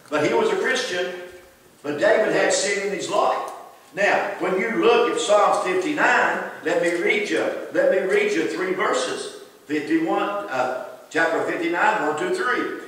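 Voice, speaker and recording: A man's voice: sits high, a bit bright. A man preaching a sermon, emphatic and calling out listeners by name. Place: church. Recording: echoey hall from far off.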